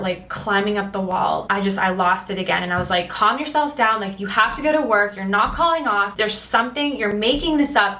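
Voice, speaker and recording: A young woman vlogging her personal testimony, earnest and emotional, acting out what she and others said. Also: mid-range voice. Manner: earnest and emotional, quotes herself and others in lively voices. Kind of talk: personal storytelling. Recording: echoey room.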